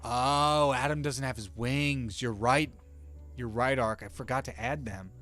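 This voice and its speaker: A man's voice: medium pitch, a little slow, a bit bright. A young man chatting casually on a live stream while he draws, rambling and stopping himself mid-sentence, with faint music behind him. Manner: rambling, self-interrupting, chats to viewers by name. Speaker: streamer drawing with live chat.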